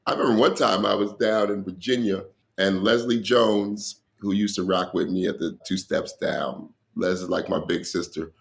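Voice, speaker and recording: A middle-aged man from Colorado, a stand-up comedian, telling lively stories as a guest in a casual interview and acting out the lines of the people in them. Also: sits low, normal speed, creaky. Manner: animated storyteller who acts out other people's lines.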